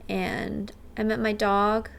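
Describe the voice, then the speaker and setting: A woman's voice: medium pitch, little pitch movement, slow pace, creaky, slight background noise. A woman in her twenties chatting casually with her stream viewers, bubbly and full of "like", thanking subscribers by name. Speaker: livestreamer. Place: rented apartment.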